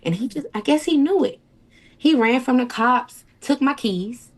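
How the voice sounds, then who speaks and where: A woman's voice: sits high, lively intonation, a little slow. A young woman, an interview guest recounting a personal ordeal in a tumbling, repetitive way. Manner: tumbling storytelling, quotes others in voices, repeats and restarts. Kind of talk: emotional personal account.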